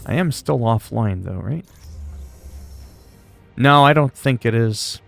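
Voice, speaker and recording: A man's voice: medium pitch, animated, takes it slowly, vocal fry, fairly bright tone, faint music behind. A male streamer chatting casually while playing a game, laid-back and rambling, with plenty of swearing. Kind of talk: casual gaming livestream chat.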